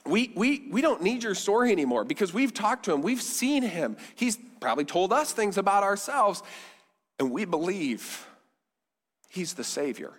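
A man's voice: sits high, very animated, moderate pace, voice pushed up. A man speaking as a group of villagers earnestly declaring what they believe. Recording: long hall reverb.

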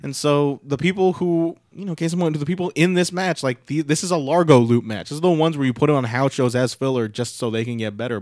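A man's voice: medium pitch, no echo, clean studio sound. A young man co-hosting a casual podcast, recapping a show in a rambling, filler-heavy way with sarcastic asides. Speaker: podcast co-host recapping wrestling. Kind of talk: casual chat.

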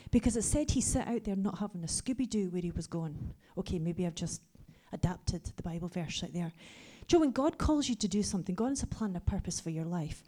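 A pastor in her forties delivers a lively sermon full of personal stories, dropping to a hushed whisper for her asides. Her voice is fairly low, and she speaks fast with hardly any pauses.

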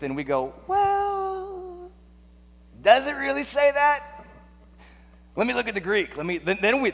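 A man's voice: fairly high pitch, fairly bright tone. A man preaching a sermon in a conversational way, full of rhetorical questions and restarts. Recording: long hall reverb.

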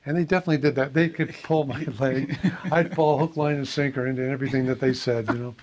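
Older male jazz musician, from Iowa, medium voice, anecdotal and animated, does little voices for the people he quotes. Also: medium pitch, fast, muffled recording, slight background noise. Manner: animated storyteller, acts out quoted voices, laughs often. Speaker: jazz saxophonist guest. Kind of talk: casual anecdotal storytelling.

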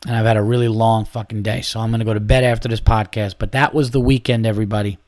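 A man hosting a podcast, telling stories in a casual, animated way, acting out quotes and swearing freely. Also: on the low side, quick pace, no echo, studio quality. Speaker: podcast host. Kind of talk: casual chat.

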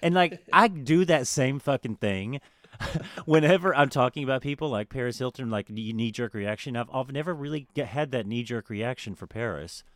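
A man's voice: mid-range voice, normal speed, a bit bright, no echo, clean studio sound. A man co-hosting a podcast, chatting casually, swearing freely and quoting people in put-on voices. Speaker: podcast co-host. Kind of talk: casual chat.

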